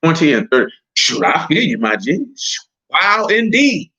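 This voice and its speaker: Animated preacher man, lo-fi sound. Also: mid-range voice, brisk, husky. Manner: animated, jokey asides and rhetorical questions. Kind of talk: casual street-talk sermon. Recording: dull lo-fi recording.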